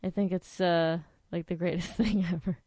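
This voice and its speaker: A woman's voice: fairly low pitch, steady tone, moderate pace, mellow, dry recording, studio quality. Chatty woman hosting a radio show. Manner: chatty, swears casually, sings along to songs. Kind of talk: casual radio chat.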